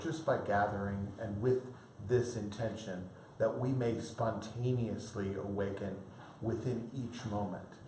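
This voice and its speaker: A man leading a Buddhist service, explaining the refuge prayer in a calm, measured way. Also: fairly low pitch. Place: meditation room at a Buddhist center. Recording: echoey room, faint background hiss.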